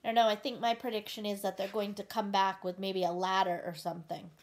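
A woman reading a picture book aloud, gently pausing to ask the listener questions about the story. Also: medium pitch, level tone, slight background noise. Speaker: storybook reader.

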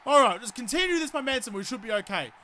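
An Australian man narrates his football video game in a very high, bright and sharp voice. He fumes and curses at his players, then slips into mock-polite sarcasm. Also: lively intonation, fast. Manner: exasperated, swearing rants at the game. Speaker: gaming YouTuber. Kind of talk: let's play commentary.

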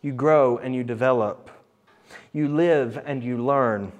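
A man preaching a sermon, earnest, reading scripture aloud dramatically and swinging between loud emphasis and quiet low points. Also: slow pace, highs cut off.

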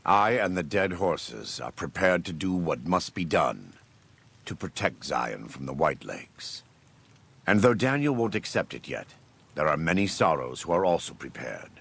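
An actor playing a stern, scripture-quoting warrior preacher in a video game, speaking slowly and solemnly with a gravelly, husky voice. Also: male voice, low voice, big pitch swings, fairly bright tone, exaggerated voice. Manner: slow, measured, solemn delivery.

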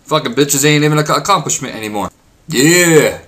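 A man's voice: on the high side, expressive, fairly bright tone. A young man rambling and swearing as he chats casually over his gameplay. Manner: rambling, crude and profane, swears often; says he is talking fast because he is hungry. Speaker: gaming vlogger.

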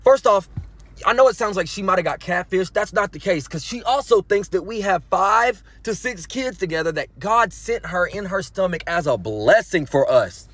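A young man telling a story to camera in a casual, animated way, full of slang and nervous laughter. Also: sits high, moderate pace, no echo. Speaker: TikTok storyteller.

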